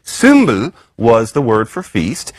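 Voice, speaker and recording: A man giving a recorded academic lecture in a wry, conversational way, jumping up high in pitch for emphasis. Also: expressive, a little slow, no room sound. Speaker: university lecturer.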